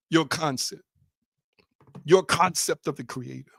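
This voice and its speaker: A man preaching a sermon in a dramatic way, repeating his questions and swinging from loud outbursts to hushed, low lines. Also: a little slow, no echo. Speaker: spiritual speaker.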